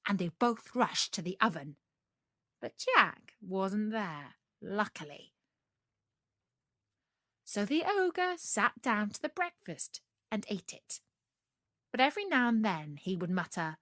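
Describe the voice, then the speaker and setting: A woman reading a fairy tale aloud for English learners, slow and expressive. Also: medium pitch, dry recording, clean studio sound. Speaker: storyteller. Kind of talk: storybook narration for English learners.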